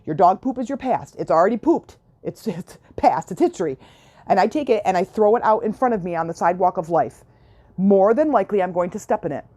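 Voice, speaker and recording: A woman hosting a self-help podcast talks in a mid-range voice with a dark tone. It's a casual coaching monologue, chatty and earnest, where she repeats key points and keeps confirming the listener is following.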